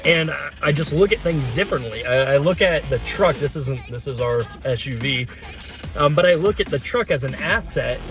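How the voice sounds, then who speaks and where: A man hosting a casual explainer video, talking plainly with frequent fillers and restarts. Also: on the high side. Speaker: host.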